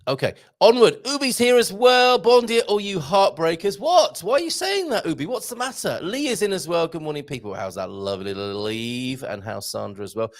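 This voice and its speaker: A middle-aged man hosts a live morning stream, reading out viewer messages and trading puns. His voice has a gravelly edge and leaps up and down in pitch as he greets people. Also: a little fast, hardly any pauses. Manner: chatty, playful, punning, greets viewers by name; lively up-and-down pitch, jumps high for greetings. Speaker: host.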